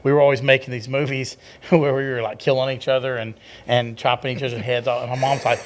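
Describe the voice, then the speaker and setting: A man's voice: medium pitch, steady tone, quick pace. Man, Texan southern drawl, chatty, laughs a lot, mid-range voice, casual interview. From Texas. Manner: chatty storyteller, laughs often. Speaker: guest filmmaker.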